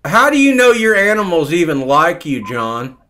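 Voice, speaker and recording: A bossy older TV psychologist, put on by a man, prods and mocks his guest in a bright, lively voice. He keeps throwing the guest's name back at him and sits a little high. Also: normal speed. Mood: needling. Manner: prodding, mocking, repeats the other man's name. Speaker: co-host doing an impression.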